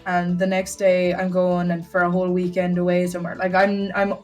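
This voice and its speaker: A young woman talks through a casual podcast chat, rambling and full of fillers. Her voice sits on the low side, and faint music plays behind her. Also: monotone, a little fast, darkish tone, far from the mic. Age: young adult. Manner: chatty, rambling, many fillers. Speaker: podcast guest, streamer.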